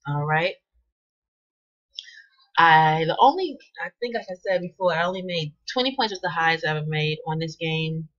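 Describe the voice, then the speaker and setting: A woman hosting her channel, giving casual, excitable commentary while she plays a basketball video game and shouts at the players on screen. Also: sits low, moderate pace, lo-fi sound. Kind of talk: casual live gameplay commentary.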